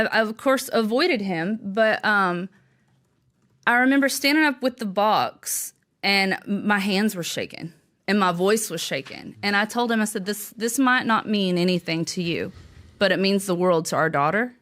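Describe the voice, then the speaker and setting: Woman guest on a podcast, talking earnest and emotional, stumbles and restarts a lot, mid-pitched voice. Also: a bit bright. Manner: earnest, halting, restarts often. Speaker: guest author. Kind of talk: personal storytelling in a podcast interview.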